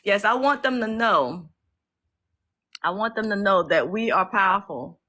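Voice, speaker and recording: A woman, a livestream host and activist, chats unhurriedly with lively intonation in a sharp, medium-pitched voice. Over a low-quality phone stream, she speaks with outspoken emotion, swears freely and reads out viewer comments in thanks.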